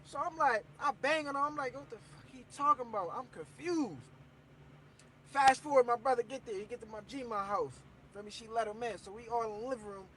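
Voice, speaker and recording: Young guy, high pitched, telling a wild story to his phone, acts out all the voices, faint noise behind. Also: brisk, low-quality recording. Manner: animated, slangy, acts out quoted voices. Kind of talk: casual story time to camera.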